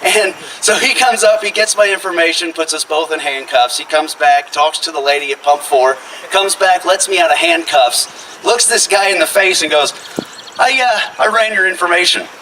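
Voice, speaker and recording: A man tells a wild story on stage with a bright, forceful voice that leaps up high for the quoted lines. He sounds a little distant from the mic, with faint noise in the room. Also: normal speed. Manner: animated, swings into loud quoted voices. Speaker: stand-up comedian. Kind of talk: storytelling stand-up set. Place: house living room show.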